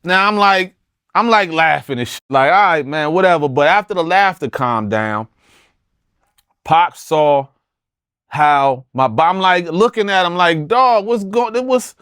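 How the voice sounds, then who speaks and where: A middle-aged man spins a story in an interview, swearing freely and hammering his points home. His pitch swings wide as he gets worked up, and the sound is close and dry with no room around it. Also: expressive, unhurried, fairly bright tone, clean tone, no echo. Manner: profane, emphatic, restarts often. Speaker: interview guest. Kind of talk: animated storytelling.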